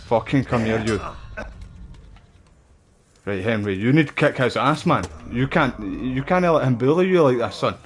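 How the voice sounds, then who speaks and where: Swearing game streamer. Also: male voice, medium pitch, moderate pace, pauses often, slight background noise. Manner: profane, excitable banter. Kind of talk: casual gameplay commentary.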